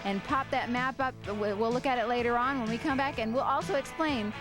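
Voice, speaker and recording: A woman's voice: fairly high pitch, brisk, over music. A woman co-hosting a live call-in radio show, bubbly and chatty as she walks through a website. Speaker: co-host. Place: radio studio.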